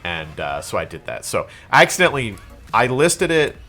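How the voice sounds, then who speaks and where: A congested young man with a cold talks through his recent sales in a loose, rambling way. His voice sits fairly low, and he hops between items with fillers and restarts. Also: big pitch swings, normal speed, pushed and bright, soft background music. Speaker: reseller vlogger. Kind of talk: casual show-and-tell vlog.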